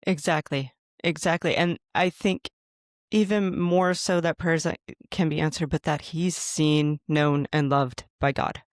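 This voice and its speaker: A man's voice: on the high side, steady tone, measured pace, dry recording, clean studio sound. A man hosting a podcast, earnestly telling a personal story in a conversational way and acting out his own thoughts.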